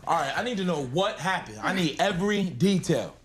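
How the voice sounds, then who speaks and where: An actor playing a rough young boyfriend who talks loosely and mumbles. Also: male voice, high voice, lively intonation, a little fast. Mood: defensive. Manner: mumbling, loose street talk. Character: rough young man, easily led boyfriend. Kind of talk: film drama acting.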